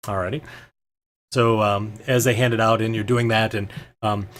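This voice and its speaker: Low-voiced man running a tabletop game. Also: level tone, normal speed, fairly bright tone, slight background noise. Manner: hesitant, many ums and restarts. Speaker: game master.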